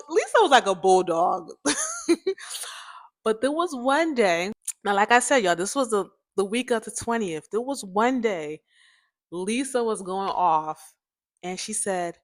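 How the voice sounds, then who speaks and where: A young woman hosting a podcast, telling a personal story in a chatty, animated way, often laughing and speaking straight to her listeners. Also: medium pitch, unhurried, no room sound, studio quality. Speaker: podcast host.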